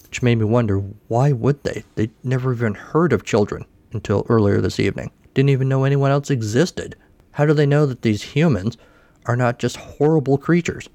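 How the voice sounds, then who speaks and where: A man's voice: medium pitch, normal speed, mellow, no room sound. A man hosting a podcast, recapping a cartoon special in a casual way with wry, sarcastic asides. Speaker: podcast host.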